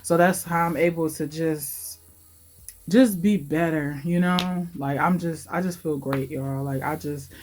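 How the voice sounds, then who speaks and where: A woman's voice: low-pitched, unhurried, a little mellow, faint music behind. A woman in her late twenties giving an emotional, heartfelt life update in her vlog, talking in a casual, confiding way. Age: late 20s. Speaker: vlogger.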